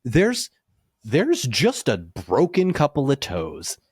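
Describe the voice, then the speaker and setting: Podcast guest: excitable man, lively swooping pitch, dry close sound, prone to tangents. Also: takes it slowly, breathy edge, dry recording. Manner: excitable, laughs often, rambling tangents. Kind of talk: casual chat.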